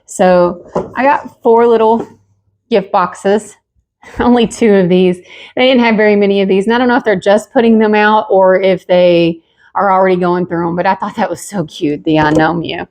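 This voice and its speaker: On her pottery channel, this woman chats through a casual haul vlog at normal speed, her mid-range voice darkish and fairly even in intonation. Her homey delivery is full of fillers, and she seems slightly breathless.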